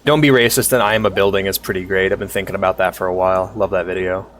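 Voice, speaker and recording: A man's voice: sits low, steady tone, fast talker, fairly bright tone, a little hiss or hum. A male streamer chatting casually with his audience, rambling between topics, swearing freely and laughing often.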